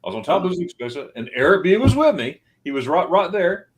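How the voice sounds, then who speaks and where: A man's voice: high-pitched, sing-song, fast. A man hosting a travel livestream, chatting casually and rambling through anecdotes over a video call. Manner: rambling storyteller, acts out quoted voices. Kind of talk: casual chat.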